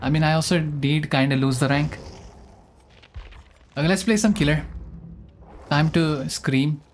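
A young man streaming a game live, chatting in a rambling, excitable way and often mocking his own mistakes. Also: a little high, moderate pace, slight background noise. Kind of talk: live gameplay commentary.

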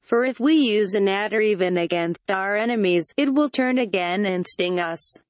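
Steady female storybook narrator, dry sound. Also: mid-range voice, normal speed, no echo. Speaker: audiobook narrator. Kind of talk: scripted storybook narration read aloud.

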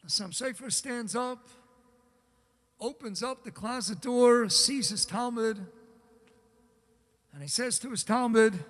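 Male rabbi, very high bright voice, dramatic storytelling in a booming synagogue hall. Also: slow, long pauses. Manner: dramatic storyteller, acts out the characters. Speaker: rabbi giving a talk. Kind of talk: sermon storytelling. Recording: reverberant hall.

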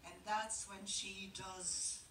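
A woman's voice: medium pitch, steady tone, pushed and bright, a little hiss or hum. Older woman, echoey hall. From Norway. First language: Norwegian. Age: 70s. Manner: reflective, halting, with pauses and restarts. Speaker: guest actress answering audience questions. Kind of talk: onstage Q&A storytelling. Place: large theater auditorium. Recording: echoey hall, picked up from far off.

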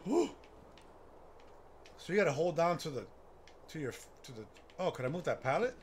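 A man giving nervous, excitable running commentary while playing a horror game, gasping and talking himself through it. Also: fairly high pitch, normal speed. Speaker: gaming streamer. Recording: noticeable background noise.

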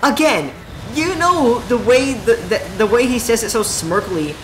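A young man with a very high-pitched voice hosts a let's play gaming video, narrating at a normal pace. He's excitable and chatty, addressing viewers as he plays. The roomy home recording carries background noise and faint game music.

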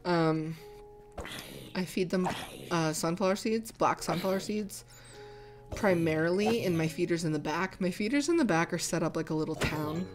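A woman's voice: lowish voice, normal speed, music in the background. A young woman chatting casually and rambling as she answers viewer comments, laughing often. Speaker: gaming channel host.

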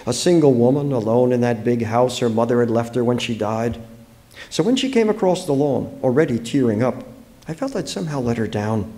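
A man from the United States reads his own fiction aloud at a book fair. His delivery is expressive and dramatic, with a lively, swinging pitch in the middle of a man's range. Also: fairly quick. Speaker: author.

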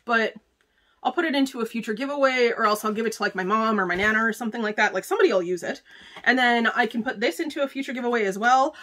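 A woman vlogger chatting casually through a beauty box unboxing, gushing and excitable, full of "like" and "oh my gosh.". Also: a little high. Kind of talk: casual unboxing chat to camera.

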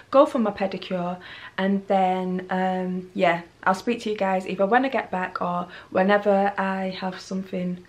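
Chatty woman vlogging at home. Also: medium pitch. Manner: rambling, chatty, self-deprecating. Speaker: lifestyle vlogger. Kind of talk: casual talk to camera. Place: at home, indoors. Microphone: handheld camera mic.

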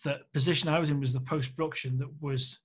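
Male filmmaker guest from Australia, candid, lively storyteller, fairly high voice. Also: fast talker, slightly rough. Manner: candid, animated anecdote-teller who acts out quoted speech. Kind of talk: casual podcast interview storytelling.

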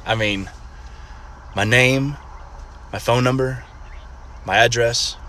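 A man delivering a one-liner in a reflective, deadpan way. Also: mid-range voice, slow pace, slight background noise.

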